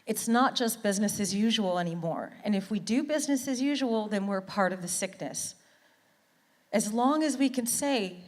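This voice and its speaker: A woman's voice: medium pitch, moderate pace, long reverb tail. A middle-aged woman from Canada giving an earnest, heartfelt motivational talk as a conference speaker, often repeating words for emphasis.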